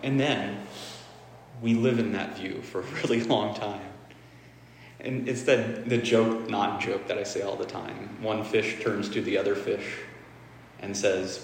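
Man, low voice, casual dharma talk, blunt and profane, long echoey hall reverb. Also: fairly even intonation, measured pace, creaky, a little hiss or hum. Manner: candid, swears freely, repeats phrases for emphasis. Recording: echoey hall with faint ambience.

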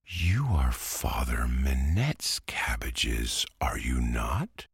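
A man's voice: rumbling low, big pitch swings, drawn-out words, vocal fry, slightly rough, dry recording, clean studio sound, heavily acted. A man voicing a polite, worried young boy in a storybook reading, speaking plaintively.

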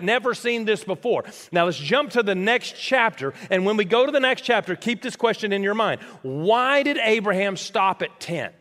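Male preacher from the US, lively and questioning, higher-pitched, echoing through a big church hall. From United States. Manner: animated, questions the congregation. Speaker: pastor. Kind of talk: sermon. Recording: long hall reverb.

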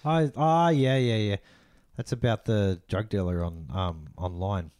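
A man, co-hosting a casual film podcast and speaking in an animated way with casual slang. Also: fairly low pitch, unhurried, smooth, dry recording. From Australia. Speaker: podcast co-host.

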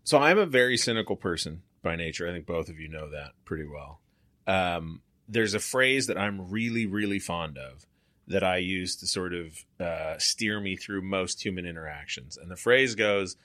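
A man's voice: sits low, normal speed, bright, forceful tone, no echo, studio quality. A man hosting a casual chat, talking in a reflective, wry way. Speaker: host.

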